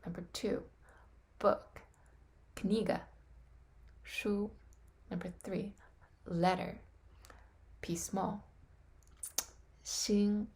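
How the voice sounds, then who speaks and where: A woman slowly practicing vocabulary on her webcam, sounding words out carefully and often dropping to a whisper. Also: mid-range voice, little pitch movement, darkish tone, husky. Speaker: language learner. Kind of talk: casual self-study on webcam.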